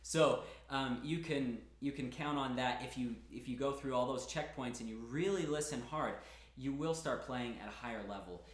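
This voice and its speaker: A man's voice: mid-range voice, moderate pace. Roomy-sounding man teaching piano. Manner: chatty and encouraging, breaks off to demonstrate. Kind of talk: casual spoken piano lesson. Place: room with a piano. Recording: roomy echo with piano playing.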